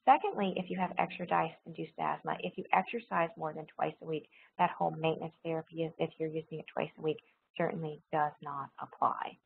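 A woman teaching a recorded pharmacology lecture, explaining step by step, repeating key points and pausing with frequent ums. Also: sits low, steady tone, creaky, narrow, tinny audio, slight background noise. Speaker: nursing pharmacology instructor.

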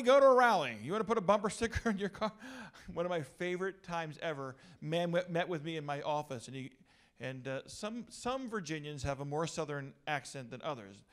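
A middle-aged male pastor giving an energetic, joking talk to a youth gathering. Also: on the high side, normal speed.

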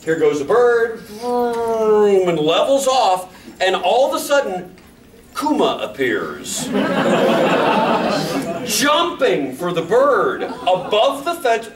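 A man hosting a convention panel, telling a funny dog story with loud sound effects and laughter. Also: high voice, sing-song, slow pace, pauses often, a crowd in the background. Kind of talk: humorous anecdote on a panel. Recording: echoey hall, distant mic, room noise.

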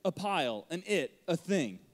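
A man in his forties, a pastor, preaching an Easter sermon with lively storytelling and jokes. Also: on the high side, moderate pace. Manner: animated, acts out crowd voices and jokes. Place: church auditorium.

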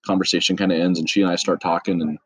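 A middle-aged man, a business owner from the trades, chatting as a podcast guest in a loose, self-deprecating storytelling way with quick asides. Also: sits low, steady tone, husky, no room sound, low-quality recording. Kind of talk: casual storytelling.

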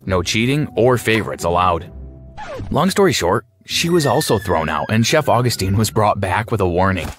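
A man narrating a scripted animated story in a wry, sardonic way. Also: on the low side, normal speed. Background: faint music.

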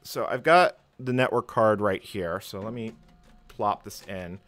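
A man's voice: fairly low pitch, a little slow, fairly bright tone. A man hosting a live tech stream, rambling through commentary with many fillers and self-deprecating chuckles.

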